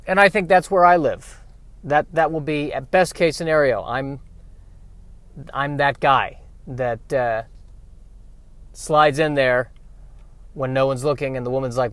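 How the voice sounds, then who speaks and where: A man's voice: mid-range voice, steady tone, measured pace, pauses often, a bit bright, no room sound. A man doing a stand-up monologue, musing in a rambling, self-deprecating way. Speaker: comedian.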